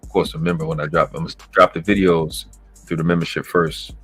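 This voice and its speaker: A man's voice: extremely low pitch, level tone, a little fast, fairly bright tone, breathy edge, soft background music. A man with a Southern accent, hosting his channel in loose, rambling casual talk with plenty of cursing. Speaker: channel host.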